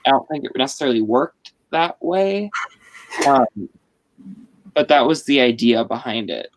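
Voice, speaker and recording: Male host on a video call, mid-pitched, chatty explainer who fills pauses with um. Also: expressive, slight background noise, low-quality recording. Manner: explains at length with many fillers. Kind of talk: casual live-stream chat.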